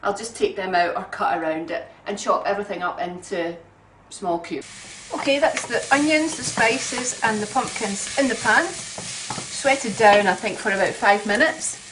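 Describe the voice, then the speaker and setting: A woman giving a relaxed, homely cooking demonstration in her kitchen, chatting along with frequent ums. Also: mid-range voice, a little slow, a little hiss or hum. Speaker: home cook. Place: home kitchen. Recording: roomy kitchen sound from a distant mic.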